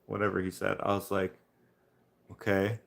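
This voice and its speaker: A Canadian man chatting casually on a live painting stream, meandering from one anecdote to the next. His voice is lowish and gravelly, with plenty of fry. He chuckles as he talks. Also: fairly even intonation, a little slow, fairly bright tone. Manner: rambling storyteller, chuckling. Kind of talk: casual chat while painting.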